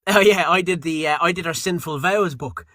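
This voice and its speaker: A young Irish man, a voice actor being interviewed, telling stories in a lively way, acting out quotes and swearing casually. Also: fairly high pitch, normal speed, no echo. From Ireland. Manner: animated storyteller, acts out quotes, swears casually. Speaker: guest voice actor.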